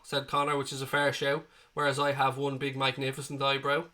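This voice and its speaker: A man's voice: mid-range voice, completely flat delivery, a little fast, bright, forceful tone. A man in his twenties hosting a live football watchalong, reading viewer comments aloud with blunt, sweary banter. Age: 20s.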